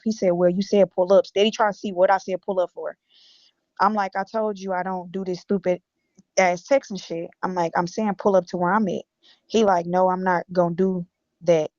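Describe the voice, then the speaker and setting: A woman from Illinois guests on a stream, bluntly reading out her text messages with heavy profanity. Her voice is low-leaning and warm, with no room sound, in dull lo-fi audio.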